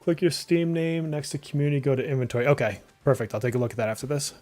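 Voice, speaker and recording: A game streamer from Massachusetts talks fast in a mid-range, darkish voice over soft background music. He has a speech impediment, and a mild Massachusetts accent slips through on some words as he rambles casually, reacting aloud to the game and using lots of "like."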